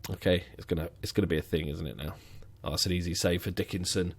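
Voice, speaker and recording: A man's voice: sits low, fairly even intonation, quick pace. A man giving sarcastic, muttering commentary while playing a football management game. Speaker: gaming commentator.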